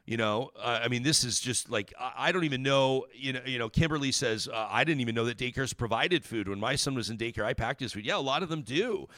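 A man hosting a talk show, commenting on news in a casual, animated and indignant way with many restarts. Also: mid-range voice, quick pace, hardly any pauses, no room sound, studio quality.

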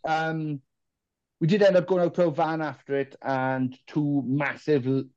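A man from Wales sits in for a casual podcast chat and rambles through anecdotes, swearing freely and acting out what people said. His voice sits at an ordinary pitch. The recording is dry and a little dull. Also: flat delivery, measured pace, darkish tone, smooth, no room sound. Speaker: guest, band singer.

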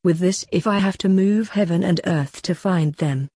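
A woman's voice: fairly low pitch, moderate pace, warm tone, slightly rough, no room sound. A woman reading the lines of a persistent female news reporter in a short story, asking plain, probing questions. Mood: determined.

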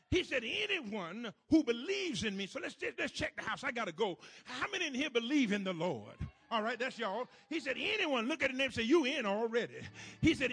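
A man preaching a sermon in call-and-response style, swinging from shouted lines to soft asides, with a gravelly voice. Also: extremely high pitch. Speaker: pastor.

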